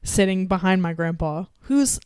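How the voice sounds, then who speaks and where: A woman's voice: on the low side, expressive, normal speed, darkish tone, smooth, no room sound, clean studio sound. Chatty young woman telling stories. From Texas. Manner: chatty storyteller, laughs often, lots of fillers. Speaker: podcast co-host. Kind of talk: casual chat.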